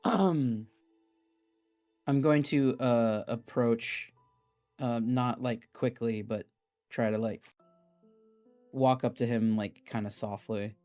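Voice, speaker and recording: A man plays in a tabletop game, picking his words slowly and tentatively. He speaks at a very unhurried pace, full of fillers. Faint music plays behind him. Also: medium pitch, fairly even intonation, a little mellow. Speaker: player.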